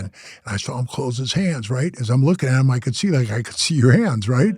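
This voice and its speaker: A man's voice: mid-range voice, brisk, slightly rough. An older man and former biker club president, telling his life story in casual talk and acting out the other people in it. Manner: animated storyteller, acts out other voices, says bro a lot.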